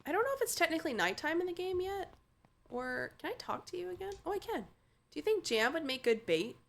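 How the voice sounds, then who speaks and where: A woman's voice: very high-pitched, big pitch swings, fairly quick, creaky. A woman streamer playing a game, chatting casually and reading dialogue aloud in a playful, giggly, joking way.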